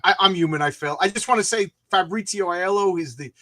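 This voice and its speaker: A man hosting a live comics chat on his channel, effusive and excitable and often tripping over his words. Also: high-pitched, fairly quick. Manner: effusive, excitable, stumbling restarts.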